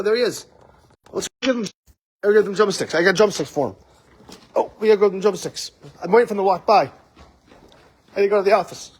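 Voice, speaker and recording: Man, livestream host, high voice, husky tone, loose rambling talk. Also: a bit bright. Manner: rambling, loose, swears casually. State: out of breath after running. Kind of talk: casual livestream chat. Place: studio office with window.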